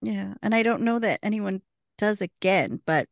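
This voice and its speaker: A woman's voice: mid-range voice, moderate pace, gravelly, no room sound, studio quality. A woman co-hosting a podcast, retelling scenes in casual chat and laughing often. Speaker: podcast co-host.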